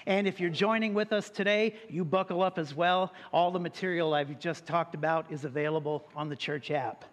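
Pastor, male, higher voice, casual preaching style, ringing church hall. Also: moderate pace. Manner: prays then tells a joke, conversational preaching. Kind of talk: sermon. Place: church sanctuary. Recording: long hall reverb.

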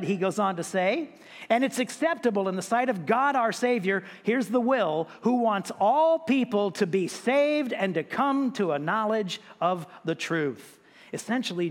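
A man's voice: high-pitched, in a large hall. A pastor preaching a sermon, emphatic, repeating words and raising his voice when he quotes scripture.

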